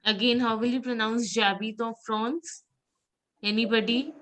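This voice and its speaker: A woman teaching a French pronunciation class, drilling words slowly and patiently. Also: a little high, steady tone, fairly bright tone, poor audio.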